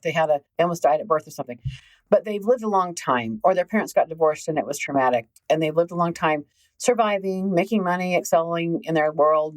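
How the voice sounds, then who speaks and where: A middle-aged woman who hosts a relationship podcast and works as a relationship healing coach speaks casually and emphatically, repeating words for stress. Her voice sits on the low side, and the recording quality is low.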